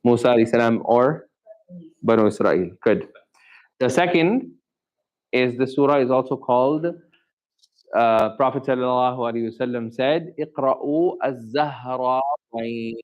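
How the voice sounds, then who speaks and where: A male teacher giving a Quran lesson in a classroom, questioning his students and repeating terms slowly. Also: mid-range voice, a little mellow, muffled recording. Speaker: Islamic teacher.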